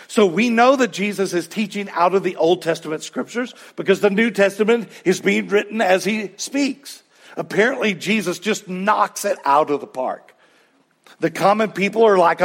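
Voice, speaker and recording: A pastor preaching a sermon in a conversational way, with asides and questions to the congregation. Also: male voice, high-pitched, gravelly.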